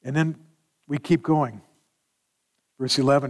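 A man preaching a sermon in an animated manner, acting out scripture dialogue as he explains verses. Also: mid-range voice, normal speed, long pauses. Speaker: pastor.

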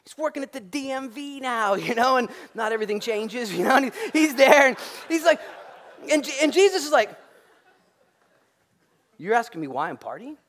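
A man preaching a sermon as pastor, lively and joking, acting out the voices of the people in the story. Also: very high voice, a little fast.

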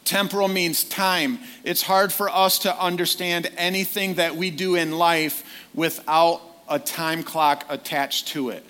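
A man's voice: a little high, flat delivery, measured pace, hardly any pauses, sharp tone. A man preaching a sermon in a conversational way, often putting direct questions to his listeners.

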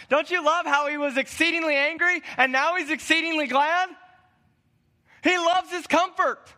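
A male pastor preaching a sermon, retelling a scripture story in an animated, playful way. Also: very high-pitched, moderate pace.

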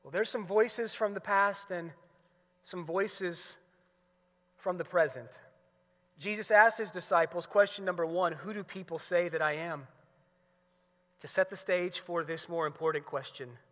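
A man preaching a sermon, moving between hushed teaching and loud, emphatic passages. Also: a little high. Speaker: pastor. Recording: muffled recording in a large hall.

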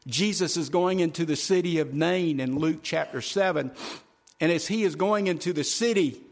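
A male preacher giving a sermon in a folksy way, talking straight to the congregation and swinging from loud, driving phrases to hushed ones. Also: fairly high pitch, creaky. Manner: folksy, addresses congregation directly.

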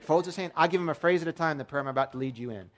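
A man's voice: on the high side, rapid-fire, a bit bright. A man preaching a sermon as pastor, telling stories in a casual, lightly humorous way. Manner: conversational storytelling with light humor.

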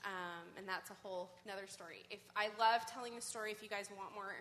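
Woman, bright sharp voice, eager testimony full of ums, long hall reverb. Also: medium pitch, a little fast, slight background noise. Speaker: church member sharing a testimony.

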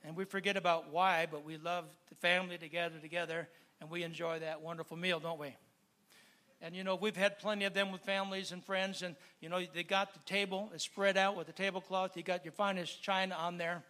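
A man preaches a sermon with a high, bright voice. He talks easily to the congregation, stacks phrase after phrase in a steady rhythm, and builds up to loud fervent preaching. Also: fairly quick. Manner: repetitive listing cadence.

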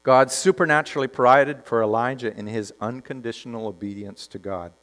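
A man preaching a sermon, telling a story with lively delivery and dropping to quiet emphasis. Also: medium pitch, brisk. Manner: animated storytelling, acts out characters, drops to quiet emphasis.

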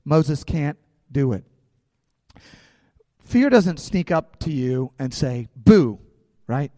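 A man's voice: fairly high pitch, sing-song, slow, mellow, dry recording, clean studio sound, big-room sound. A pastor preaching an impassioned sermon, often asking his listeners questions.

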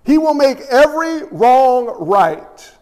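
A male pastor delivers a sermon in a church, animated and blunt in his emphasis. His voice sits high for a man. A long hall reverb trails every phrase. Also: slow.

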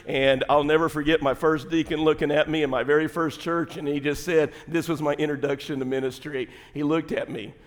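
A man preaching a sermon as pastor, telling folksy stories and building to emphatic, shouted points. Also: a little high. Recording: long hall reverb.

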